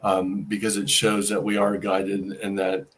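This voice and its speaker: A man's voice: lowish voice, completely flat delivery, unhurried. A middle-aged man telling a personal story as an interview guest, acting out the dialogue he quotes.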